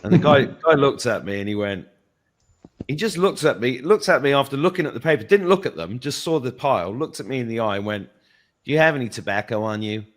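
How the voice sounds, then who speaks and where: Adult male, mid-pitched, animated anecdote-teller, casual with swearing. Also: fairly quick. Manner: animated anecdote-telling, swears, laughs through the story. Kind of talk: casual storytelling in an interview.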